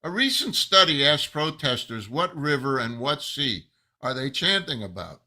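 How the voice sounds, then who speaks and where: A man giving an angry, emphatic monologue as a rabbi, slow and building to loud outbursts. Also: mid-range voice, very animated. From United States. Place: New Jersey.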